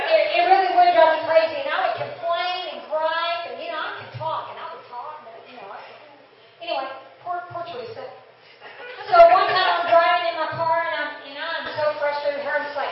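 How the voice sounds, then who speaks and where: High-voiced woman, distant in an echoey hall. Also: brisk, background noise. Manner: chatty, laughing, acts out inner dialogue. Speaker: testimony speaker. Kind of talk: church testimony talk. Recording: distant, echoey, dull church room.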